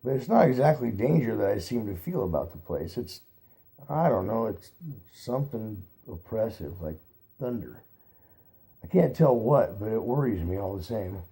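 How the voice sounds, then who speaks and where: A man's voice: fairly low pitch, animated, normal speed, mellow. A man reading aloud and voicing a timid young male rabbit who trembles and pleads in fear. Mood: uneasy.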